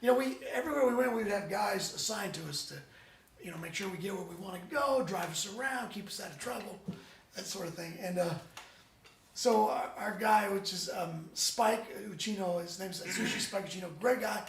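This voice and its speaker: A man, a band member guest, chatting casually in an interview as an animated, rambling storyteller with many restarts. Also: sits high, brisk, gravelly, slight background noise. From United States. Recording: roomy echo, distant mic.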